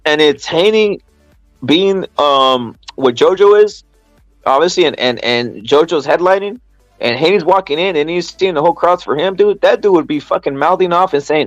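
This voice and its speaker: A man's voice: fairly high pitch, normal speed, dry recording, muffled recording, soft background music. A man in casual boxing chat, profane, rambling and emphatic.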